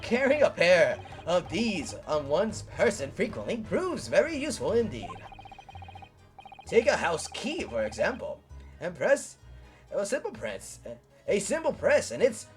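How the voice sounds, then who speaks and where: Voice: mid-range voice, huge pitch swings, faint music behind. Herlock Sholmes, a streamer putting on a pompous detective. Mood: grandiose. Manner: pompous, drawn-out flourishes. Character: flamboyant theatrical male detective, grandiose. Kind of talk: reading game dialogue aloud.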